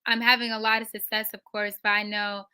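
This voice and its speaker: A young adult woman, an actress, telling stories in a casual interview. She is animated, acts out quoted lines and uses many fillers. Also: medium pitch, fairly quick, smooth. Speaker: actress guest.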